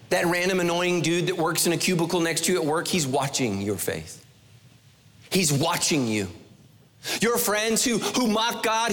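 A male pastor delivering an energetic sermon in a large church auditorium. His voice sits high and swings widely as he pelts the congregation with rhetorical questions and playful asides. A long reverb trails every phrase. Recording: long echoey hall reverb.

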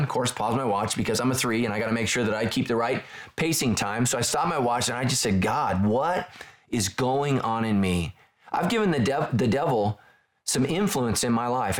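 A middle-aged male pastor preaching a sermon in a conversational, animated way, full of rhetorical questions. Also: medium pitch.

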